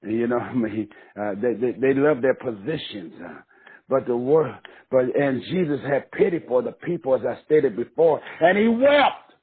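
A man's voice: medium pitch, normal speed, husky. A man preaching a sermon with passion, rising into cries and chanted repetition. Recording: tinny phone-line sound.

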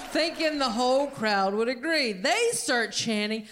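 A woman's voice: on the high side, measured pace, hardly any pauses. Storytelling woman comedian on stage. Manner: storytelling, animated, punchy delivery. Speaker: stand-up comedian. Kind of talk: stand-up comedy set. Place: comedy club stage with live audience. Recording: live club recording with audience noise.

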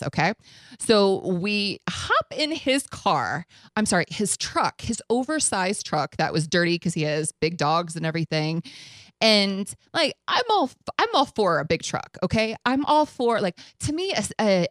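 Woman host, casual storytelling, animated, acts out quotes, lively pitch, dry sound. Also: no room sound. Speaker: radio show host.

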